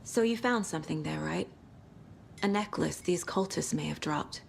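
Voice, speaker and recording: Brief: level-headed female agent, calm and reassuring, lowish voice. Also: normal speed, creaky, slight background noise. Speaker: FBI agent questioning witnesses. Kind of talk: video game voice acting.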